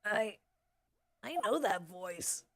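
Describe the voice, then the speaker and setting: A woman's voice: medium pitch, animated, slow pace, noisy background. Woman reading as a panicky young defense lawyer. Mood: dismayed.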